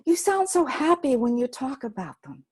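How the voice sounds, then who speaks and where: A woman's voice: sits high, big pitch swings, normal speed, darkish tone, breathy edge, pitched above the performer's own voice, full character voice, rough recording. A woman storyteller voicing an eager, curious young girl who asks pleading questions.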